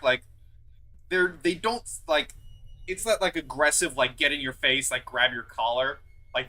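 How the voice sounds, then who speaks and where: A man's voice: medium pitch, pushed and bright, poor audio. A man narrating as game master of a tabletop game, rambling with many fillers.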